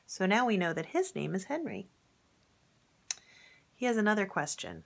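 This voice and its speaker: A woman reading a picture book aloud to young children in a gentle, chatty way, pointing out the pictures as she goes. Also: mid-range voice, very animated, moderate pace, creaky, pauses often. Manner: gentle, chatty, talks straight to young listeners. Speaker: storybook reader.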